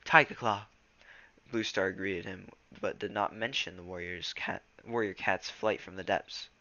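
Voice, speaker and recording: On a dull-sounding recording, a teen reader works through a novel before chatting casually with plenty of fillers. He stumbles and restarts words often. His low voice holds a steady tone at a moderate pace and comes across pushed and bright.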